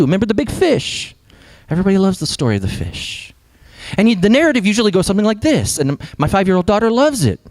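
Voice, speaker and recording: A young adult man preaching a sermon as pastor, animated, sometimes dropping to a hush for emphasis. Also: sits high, no echo.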